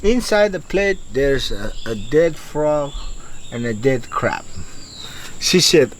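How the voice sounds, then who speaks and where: A man from Yap tells a folk legend in the open air, slowly and unhurriedly, in simple broken English with pauses and restarts. His voice sits a little high for a man, and faint crickets and insects are behind him. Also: big pitch swings, a little hiss or hum, low-quality recording. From Yap, Micronesia. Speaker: storyteller. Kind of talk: telling a local legend.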